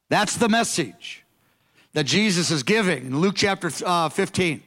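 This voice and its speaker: A man in his sixties preaching a sermon to young people, earnest and emphatic, slowing down to stress key phrases. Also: high voice, animated, a bit bright. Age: 60s. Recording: long hall reverb.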